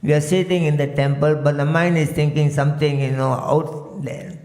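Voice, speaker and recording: Brief: male swami from Malaysia, storytelling sermon, gravelly edge, roomy temple reverb. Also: on the high side, fairly even intonation, moderate pace, a little mellow. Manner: frequent "you know" fillers, chants verses in a singsong. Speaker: swami giving a temple lecture. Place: temple hall. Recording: echoey temple hall.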